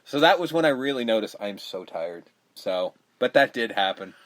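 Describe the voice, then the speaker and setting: A man's voice: on the low side, very animated, normal speed. A man co-hosting a casual movie-review podcast, rambling and swearing freely as he retells scenes. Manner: profane, rambling, acts out quotes. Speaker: podcast co-host.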